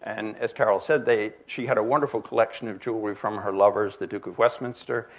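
A man's voice: lowish voice, steady tone, a little fast. A man in his sixties from New Jersey, giving a rambling, anecdote-filled slide lecture with many fillers and restarts. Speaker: jewelry expert giving a lecture.

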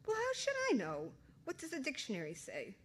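A woman's voice: high-pitched, wildly swooping pitch, a little fast, slightly rough, pitched above the performer's own voice, exaggerated voice. A woman reading aloud, voicing a sly teenage girl who teases her friend in a mocking, conspiratorial way. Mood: teasing.

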